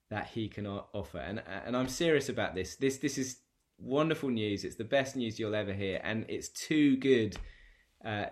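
A man with a somewhat low voice delivers a sermon from the pulpit. He talks in an earnest, conversational way. He stumbles through fillers and repeated words as he goes. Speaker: pastor.

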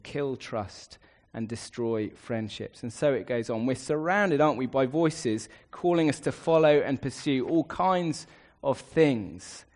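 A man's voice: mid-range voice, a little mellow. A man preaching a sermon, earnest, building his points in emphatic repeated lists.

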